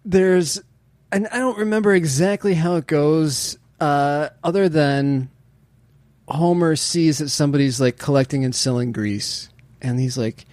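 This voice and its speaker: A man's voice: on the high side, fairly even intonation, measured pace, darkish tone, no room sound. A man co-hosting a casual podcast chat, laughing often and slipping into goofy voices to retell scenes. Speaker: podcast co-host.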